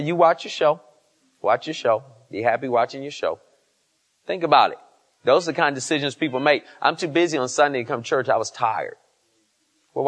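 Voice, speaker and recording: A man's voice: mid-range voice, fairly bright tone. A man pastor preaching a sermon in church, asking the congregation questions and rising to emphatic peaks. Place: church service.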